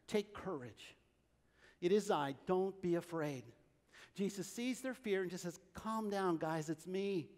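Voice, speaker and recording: A male pastor with a high voice preaches to his congregation in a large church hall. He acts out the story with animated delivery, and the room adds a long, ringing reverb. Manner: animated storytelling, acting out the scene. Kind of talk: sermon.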